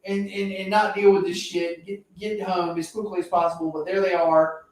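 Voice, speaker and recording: Man, podcast co-host, casual rambling rant, high voice, distant echoey mic. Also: little pitch movement, moderate pace. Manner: rambling, swears, many restarts. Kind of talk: casual chat. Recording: echoey room, far from mic.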